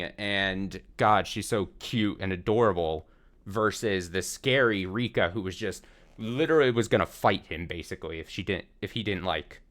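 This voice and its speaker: Low-voiced man rambling through a recap. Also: a bit bright. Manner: rambling, restarts, casual swearing. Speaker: streamer recapping a visual novel. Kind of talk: casual let's-play commentary.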